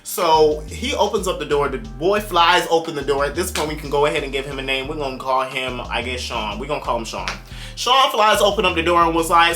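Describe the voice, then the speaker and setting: A young man telling a personal story to his viewers in a casual, animated way, exclaiming often and talking to the audience directly. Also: a little high, brisk, music in the background. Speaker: storytime vlogger.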